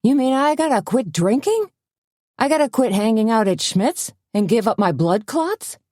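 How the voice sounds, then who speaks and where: A woman's voice: sits low, lively intonation, normal speed, warm tone, no room sound, clean studio sound. A woman reading an audiobook, voicing a dim-witted, folksy man laid up with a broken leg, talking in slang. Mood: goofy.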